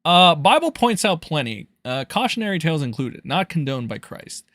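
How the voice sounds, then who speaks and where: A man's voice: fairly high pitch, big pitch swings, moderate pace, a bit bright, no room sound, studio quality. A man hosting a livestream, reacting to clips in a loose, sarcastic and profane way. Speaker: livestream host.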